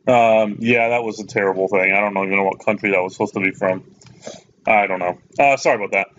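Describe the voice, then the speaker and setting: A man's voice: on the low side, steady tone, fast, fairly bright tone, a little hiss or hum. A man teaching a recorded math lesson, casual and plain-spoken, often checking in with "okay?". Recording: slightly muffled lo-fi recording.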